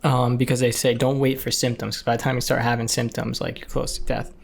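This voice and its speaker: A young man, co-hosting a casual podcast chat, chatty and quick to laugh. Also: medium pitch, flat delivery, vocal fry. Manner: chatty, giggly, talks with mouth full. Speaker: podcast co-host.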